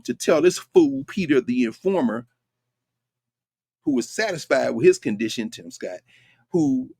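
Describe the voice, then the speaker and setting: In studio-quality audio without echo, a male host with a medium-pitched, darkish voice presents a lecture-style commentary show. His delivery is emphatic yet conversational, and he asks his listeners rhetorical questions.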